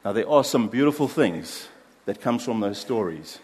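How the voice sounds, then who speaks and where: Earnest male pastor, lowish voice. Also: animated, moderate pace, slightly rough, big-room sound. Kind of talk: sermon.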